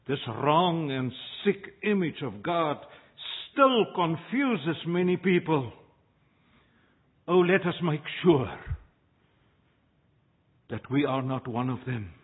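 A man preaching a sermon as pastor, slow and measured, with dramatic pauses between phrases. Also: high voice, husky. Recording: tinny phone-like sound.

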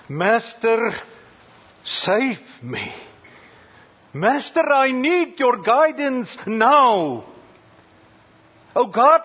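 A male preacher delivering a sermon with a husky, breathy voice that sits high for a man. He speaks slowly, letting his delivery rise to loud cries and fall to hushed near-whispers, often pausing with fillers. The recording sounds dull and lo-fi. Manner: halting, with frequent uh fillers.

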